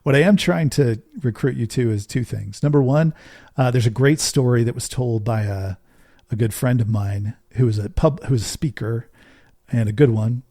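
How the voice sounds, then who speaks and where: A man's voice: mid-range voice, normal speed, dark tone, no echo, clean studio sound. A middle-aged man hosting a podcast, speaking earnestly in a casual monologue and telling stories, often tossing in a rhetorical "right?". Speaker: podcast host.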